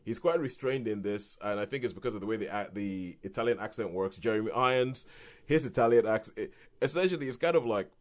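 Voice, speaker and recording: A British man co-hosting a podcast, reviewing films in a rambling, animated way with restarts and laughs. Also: on the low side, fast talker. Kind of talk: casual film review chat.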